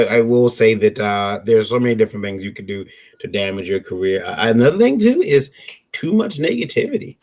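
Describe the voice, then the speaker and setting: A man co-hosting a casual chat, talking in a measured, hesitant way with many pauses and restarts. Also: on the low side. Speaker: podcast co-host.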